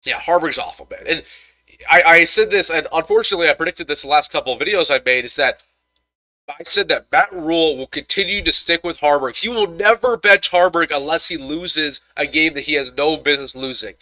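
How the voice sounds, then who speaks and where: A man's voice: fairly high pitch, brisk, bright, forceful tone, no echo. Fired-up young man ranting postgame. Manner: frustrated, ranting, stammering restarts. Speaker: sports commentator host. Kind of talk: live-stream postgame reaction.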